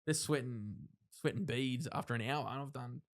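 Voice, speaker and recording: A man's voice: medium pitch, normal speed. A man, a podcast guest telling his story in a casual, rambling way with frequent restarts and frank swearing. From Australia. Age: 30s. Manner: rambling, self-interrupting retelling with frank swearing and acted-out quotes. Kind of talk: casual interview, personal storytelling.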